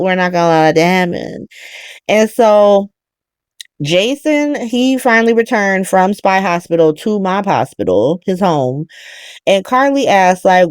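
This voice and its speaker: A woman hosting a podcast, chatting casually as she recaps a soap opera in an animated, profane way, laughing as she goes. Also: mid-range voice, measured pace, smooth, dry recording, clean studio sound. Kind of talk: casual chat.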